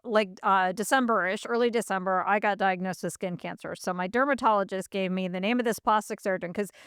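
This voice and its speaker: A woman's voice: medium pitch, brisk, a bit bright, clean tone, no echo, clean studio sound. A middle-aged woman hosting a podcast, telling a story casually and animatedly, with many fillers and acted-out quotes. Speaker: podcast host.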